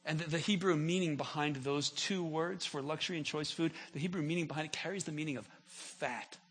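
A man preaching a sermon as pastor, impassioned, often repeating words as he builds, rising to near-shouts when voicing prayers. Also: fairly high pitch, brisk, slightly rough.

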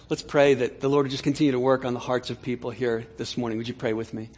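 A man's voice: mid-range voice, fairly even intonation. A man preaching a sermon as pastor, speaking conversationally and often repeating words and restarting. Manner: soft slow prayer voice.

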